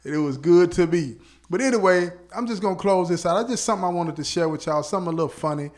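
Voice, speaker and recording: A man hosting a podcast, telling a story in a casual, animated way, laughing often and checking in with his listeners. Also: high-pitched, quick pace. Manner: animated, laughs often, peppers speech with "you know what I'm saying". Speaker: podcast host.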